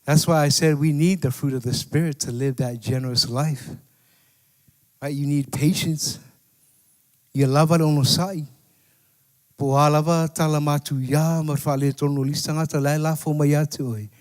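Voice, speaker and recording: A man's voice: a little high, fairly even intonation, moderate pace, darkish tone. A man preaching a sermon as pastor, talking to the congregation in a conversational way and often asking "right?". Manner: conversational preaching with repeated "right?" and scripture quotes. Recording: long hall reverb.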